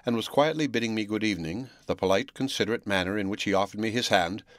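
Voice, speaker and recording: A man narrates a classic novel in a measured storytelling manner. His voice sits on the low side. The recording is close and dry, with no room sound. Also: fairly bright tone, dry recording. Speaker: audiobook narrator. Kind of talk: scripted narration.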